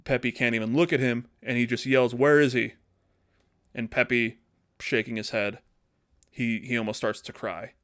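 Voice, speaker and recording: Male podcast host, casual storyteller, animated, pitches a plot, mid-pitch voice. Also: moderate pace. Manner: animated, acting out characters.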